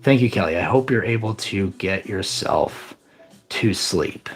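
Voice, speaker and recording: Animated, rambling male streamer. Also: low voice, moderate pace, vocal fry. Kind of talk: casual live stream chat, reading chat.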